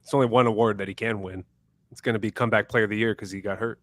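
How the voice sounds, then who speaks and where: A man's voice: lowish voice, fairly even intonation, rapid-fire. A man co-hosting a sports podcast who gives blunt opinions and retells anecdotes. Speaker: podcast co-host. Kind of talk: casual sports chat.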